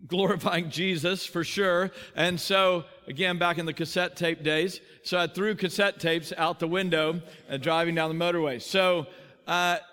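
A middle-aged man preaching, telling his own story in earnest, now quick, now slowing down for weight. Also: high-pitched, pushed and bright, in a large hall. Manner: earnest personal testimony, quick then slowing for emphasis. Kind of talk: sermon storytelling. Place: large conference hall.

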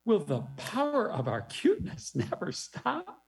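A cute, cheerful bunny from a children's musical, voiced by a man chirps its lines in a high voice. The rhymes bounce along in a lively lilt. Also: a little slow, gravelly, full character voice. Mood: inviting. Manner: bright sing-song rhyming delivery.

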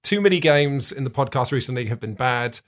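A man hosting a podcast, chatty and self-deprecating as he explains things at length. His voice sits at a middle pitch. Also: lively intonation, fairly quick. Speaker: podcast host. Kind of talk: casual podcast chat.

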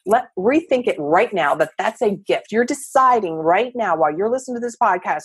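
Husky, emphatic woman coach. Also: mid-range voice, a little fast, few pauses, no room sound. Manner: energetic, emphatic, motivational. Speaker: coach and therapist guest. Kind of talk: podcast interview.

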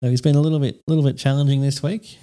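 A man's voice: mid-range voice, fairly even intonation, very fast, mellow. A man, co-hosting a podcast in casual chat and telling jokey stories. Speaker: podcast co-host.

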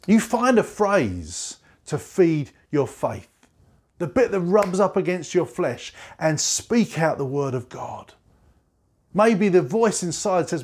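A male pastor preaching a sermon, emphatic, repeating key phrases and slowing down low for scripture quotes. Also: very animated, a little mellow, slightly rough.

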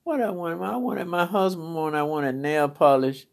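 A woman's voice: on the low side, animated, normal speed, gravelly. A middle-aged woman preacher giving a personal testimony, telling her story with laughter and feeling. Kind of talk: testimony sermon.

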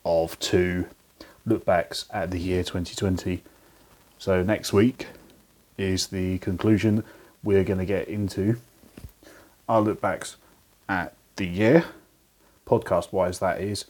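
Hushed low-voiced podcast host. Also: male voice. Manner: hushed late-night delivery. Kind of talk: podcast outro. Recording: poor quality home recording.

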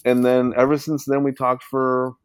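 A man's voice: mid-range voice, monotone, normal speed, clear, resonant tone, no room sound. A man being interviewed as a guest, telling a personal story in a rambling, casual way. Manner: rambling, full of "you know" fillers.

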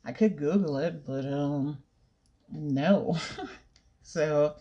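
A woman's voice: sits low, very slow, mellow, dull audio. A young woman chatting casually to camera, rambling, giggling and swearing now and then. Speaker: vlogger. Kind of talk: casual chat.

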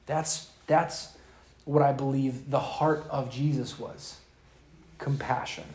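A man's voice: mid-range voice, fairly even intonation, slow pace, a little mellow. A man preaching a sermon, retelling a scripture parable in casual, modern slang. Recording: echoey room.

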